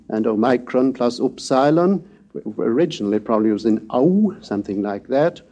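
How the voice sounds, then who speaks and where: Mellow-voiced older man lecturing. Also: mid-range voice, animated, dull audio. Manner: measured, scholarly delivery; slow, chanted reading of Greek verse. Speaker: lecturer on ancient Greek pronunciation. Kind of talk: recorded lecture with recitation.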